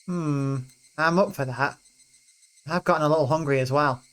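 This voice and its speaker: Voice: mid-range voice, moderate pace, a bit bright, natural voice, poor audio. A game streamer voicing a stubborn, curious teenage boy from a visual novel, pressing with insistent questions.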